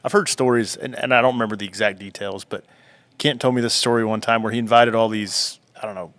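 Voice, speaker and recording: A man's voice: on the low side, steady tone, quick pace, fairly bright tone, dry recording. Man as a talk-show guest, teasing and joking in casual chat.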